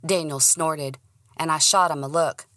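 A woman narrates a first-person audiobook with an expressive, dramatic reading. Her voice sits slightly low yet sounds bright and crisp. The recording is dry and close. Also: a little slow, dry recording.

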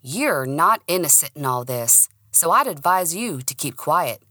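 Woman doing a gruff cop guy, curt and threatening, a bit lower, bright clear tone, dry close mic. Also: sing-song, unhurried, no echo, exaggerated voice. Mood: stern. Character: stern, bullying male police detective.

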